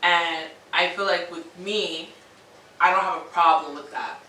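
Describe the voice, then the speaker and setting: A woman's voice: on the low side, fairly even intonation, unhurried, sharp tone, a little hiss or hum. A woman in her twenties co-hosting a casual chat, reasoning her thoughts aloud with slang. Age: 20s. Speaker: co-host. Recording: roomy echo from far off.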